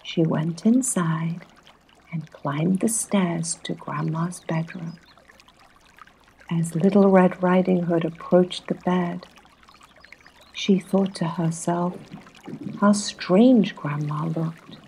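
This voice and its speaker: A woman narrating a bedtime fairytale, soft and hushed, often dropping to a half-whisper. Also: lowish voice, steady tone, takes it slowly, vocal fry, long pauses, a little hiss or hum. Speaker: storyteller.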